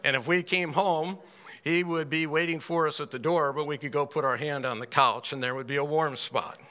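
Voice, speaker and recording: A man teaching a Bible class in a folksy, unhurried way, with dry little asides. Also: fairly high pitch, fairly even intonation, bright, forceful tone, clean tone.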